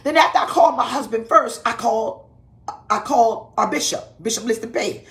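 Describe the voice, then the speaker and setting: A woman pastor preaching a livestreamed sermon in an animated, folksy way, often laughing and repeating herself. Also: on the high side, a little fast.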